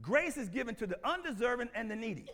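High-voiced, bright male preacher. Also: quick pace. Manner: animated, calls out to congregation, bursts into shouts; playful, teasing, laughs often. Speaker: pastor. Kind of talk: sermon.

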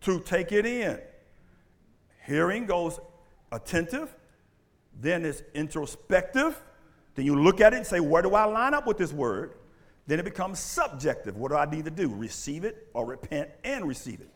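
High-voiced preacher guy, super lively, keeps asking the crowd "you got it?", long church hall echo. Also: normal speed. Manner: animated preaching with call-and-response questions. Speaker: pastor. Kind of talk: sermon. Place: church sanctuary. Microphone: handheld or stand mic.

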